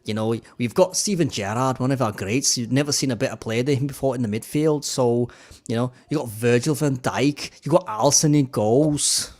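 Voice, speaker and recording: A man's voice: mid-range voice, a little mellow, natural voice. A man voicing a proud lifelong Liverpool fan in a put-on Liverpool accent, bragging about his team. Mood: boastful. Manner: brash, rapid bragging delivery.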